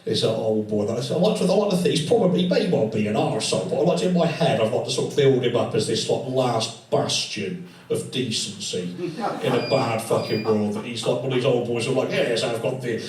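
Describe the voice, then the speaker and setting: A man's voice: mid-range voice, expressive, a little fast, few pauses, a little mellow. A male comedian doing live stand-up in a tattoo studio, rambling and swearing freely in a conversational way. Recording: echoey room, distant mic, audience laughter.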